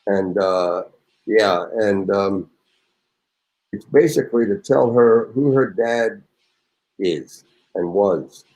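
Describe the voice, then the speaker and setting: Older guy around 70, actor guest, loud theatrical storyteller, reads his memoir then just chats. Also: fairly low pitch, slow, long pauses, rough recording. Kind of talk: reading a memoir anecdote and casual chat.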